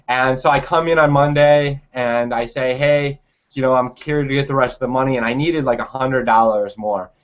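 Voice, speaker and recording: A man's voice: mid-range voice, normal speed, lo-fi sound. A young man telling a personal story in a casual, rambling way, full of fillers and restarts.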